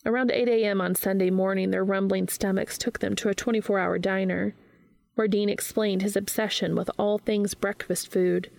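Gravelly woman reading a story aloud. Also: medium pitch, fairly even intonation, normal speed, darkish tone, dry recording. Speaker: fan fiction reader.

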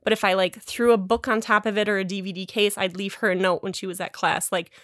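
A woman's voice: medium pitch, fairly even intonation, quick pace, no echo, clean studio sound. A woman co-hosting a podcast, telling a story in a casual, self-deprecating way, with lots of "like" fillers and laughs between words. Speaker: podcast co-host.

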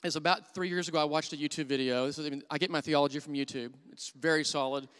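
Middle-aged male church elder, sermon storytelling, earnest, smooth clear voice, church hall reverb. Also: on the high side, fairly even intonation, fast. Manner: earnest storytelling, drops to hushed voice for quoted thoughts. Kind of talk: sermon with personal stories.

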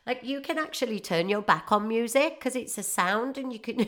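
A woman's voice: a little high, animated, moderate pace, a bit bright. A woman in her forties with a Northeast English accent, rambling through a jokey casual monologue and laughing often. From northeast England. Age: 40s.

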